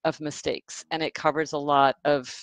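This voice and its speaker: A woman author answering questions in a casual interview over a video call, telling stories in a chatty, animated way with lots of fillers. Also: low voice, moderate pace, dry recording, poor audio. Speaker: author guest.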